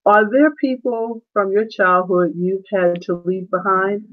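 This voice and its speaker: A woman's voice: mid-range voice, steady tone, measured pace, narrow, tinny audio. A woman in a casual discussion over a video call, reflective and given to laughing stories.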